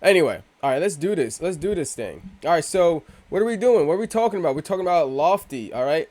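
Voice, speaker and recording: A man's voice: fairly high pitch, animated, fast talker, few pauses, a little mellow, dry recording. Rambling, slangy male vlogger. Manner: rambling, profane, self-interrupting with slang. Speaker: crypto video host. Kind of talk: casual rambling vlog talk.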